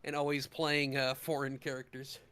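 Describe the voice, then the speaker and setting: A man in a casual podcast chat, explaining things haltingly with many restarts. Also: mid-range voice, level tone, a bit bright, clear, resonant tone, no echo.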